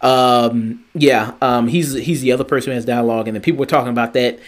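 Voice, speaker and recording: A man's voice: medium pitch, brisk. Rambling man chatting about shows. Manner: rambling, animated, swearing, lots of fillers and restarts. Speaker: podcast co-host. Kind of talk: casual review chat.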